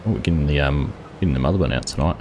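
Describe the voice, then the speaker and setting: A man's voice: rumbling low, racing, noisy background. A man hosting a live farming game stream, chatting casually and greeting viewers by name while he plays. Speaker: livestream host. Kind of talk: casual gameplay commentary.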